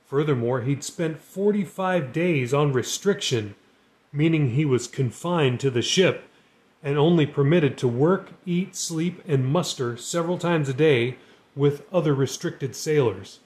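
A man narrating a Christian novel chapter in a steady storytelling reading. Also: a little high, a little slow. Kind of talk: live audiobook reading.

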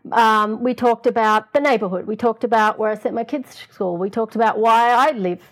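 A woman's voice: fairly high pitch, a little fast. An older woman, a guest, telling stories in a casual interview and acting out the lines she quotes. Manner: lively, acts out quoted lines, laughs often.

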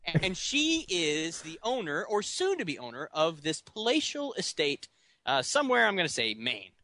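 A man co-hosting a podcast in casual chat, quick-witted and giggly, with many ums as he sums up a plot. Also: on the high side, wildly swooping pitch, pushed and bright, no echo. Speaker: podcast co-host.

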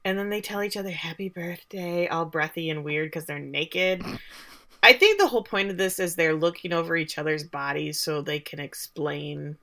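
A young adult woman co-hosting a podcast, recapping a show in a casual, sarcastic chat full of quick asides. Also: low-pitched, bright, forceful tone.

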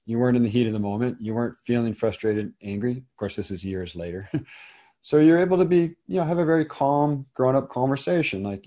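A man's voice: medium pitch, a little fast, warm tone. A middle-aged man hosting a conversation, thoughtfully explaining a psychology idea in casual talk with restarts. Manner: thoughtful, explanatory, with frequent restarts and small laughs.

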